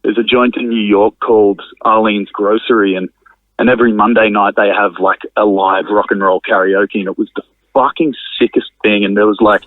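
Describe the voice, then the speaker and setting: A man's voice: on the low side, steady tone, a little fast, no echo. A man, a drummer and venue owner, chatting casually as a podcast guest, rambling and swearing freely. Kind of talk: casual conversational interview. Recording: narrow phone-like sound, dry.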